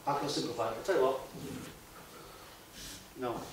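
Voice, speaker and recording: Guy talking to a conference crowd, booming echoey room, mic a ways off. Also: fairly quick. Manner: chatty, asks the audience tag questions. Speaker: conference speaker. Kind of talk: live talk to an audience. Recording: very echoey hall, voice far from mic.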